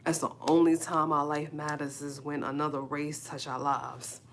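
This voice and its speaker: A woman, hosting a live stream and speaking a halting, emotional personal monologue, repeating herself as she holds back tears. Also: low voice, level tone, slight background noise. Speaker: livestream host. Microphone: phone or webcam on a live stream.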